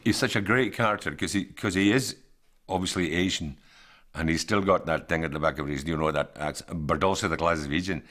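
Brief: very deep male interviewee, reflective, chatty. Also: brisk, a bit bright. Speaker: documentary interviewee.

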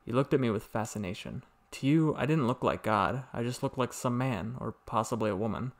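This man reads a story aloud in the first person, patient and calm, explaining things carefully. His voice sits at an ordinary middle pitch for a man. The delivery is steady and unhurried. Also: gravelly. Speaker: narrator.

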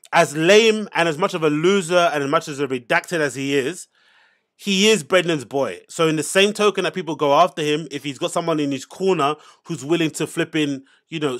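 A man's voice: on the high side, fairly bright tone. A man hosting a casual commentary, reacting to podcast clips in an exasperated, sarcastic rant.

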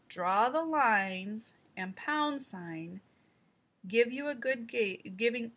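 Slow, gravelly woman teaching reading. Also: on the high side. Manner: calm, explanatory, guiding the listener step by step. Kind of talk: instructional narration.

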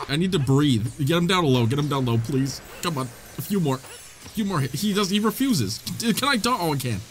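A young man giving excitable let's play commentary, laughing, swearing and reading the dialogue aloud. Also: on the high side, a little fast, background noise. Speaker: gaming YouTuber. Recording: faint game music behind. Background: faint game music.

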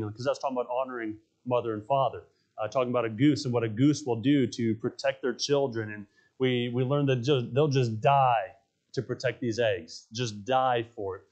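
A man's voice: medium pitch, fairly even intonation, a little fast, darkish tone, lo-fi sound. A male pastor preaching a sermon in a church, telling stories with emphasis and repeating his key phrases. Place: church sanctuary.

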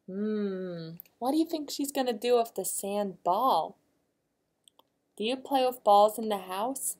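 A woman librarian reading a picture book aloud to young children, gently asking them questions. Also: mid-range voice, lively intonation, slow.

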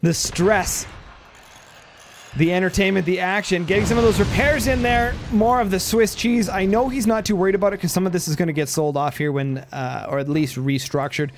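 A man's voice: high voice, brisk, slight background noise. A man giving casual, jokey play-by-play commentary on a strategy game match, his voice starting to tire. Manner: jokey, excitable, voice going tired.

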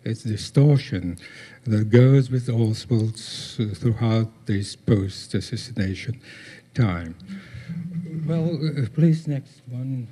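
An older man gives a conference talk over slides, halting, with many pauses and fillers. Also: mid-range voice, dark tone. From former Soviet Union. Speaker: guest speaker.

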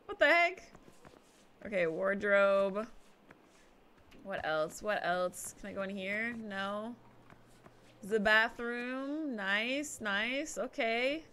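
A woman's voice: mid-range voice, very slow, bright, forceful tone. A woman streamer casually commenting while she plays a game, chatty and giggly, talking to herself as she explores. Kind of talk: casual let's-play commentary.

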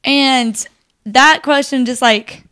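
A young woman co-hosting a faith podcast, talking in an animated, chatty way with lots of fillers. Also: high voice, slow, clean tone. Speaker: podcast co-host. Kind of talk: casual faith discussion.

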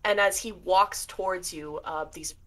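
A woman's voice: fairly low pitch, steady tone, measured pace, a bit bright. A young woman narrating a tabletop game as game master, descriptive with many fillers.

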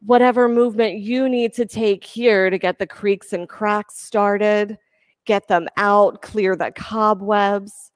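A woman yoga instructor giving calm, encouraging cues for breath and poses during a class. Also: mid-range voice, slow, dry recording, clean studio sound.

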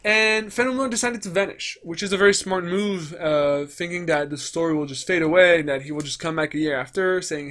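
A man rants through a commentary vlog, swearing freely and mimicking the people he criticizes. His speaking voice sits high for a man. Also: a little fast, few pauses, a bit bright. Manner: ranting, profane, mocks others in put-on voices. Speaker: gaming commentator.

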